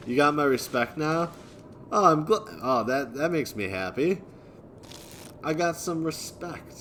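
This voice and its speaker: Chill guy streamer reading chat, takes his time, some hiss behind. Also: mid-range voice. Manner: laid-back, chuckling often, thanking viewers. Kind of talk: live stream chat reading viewer messages.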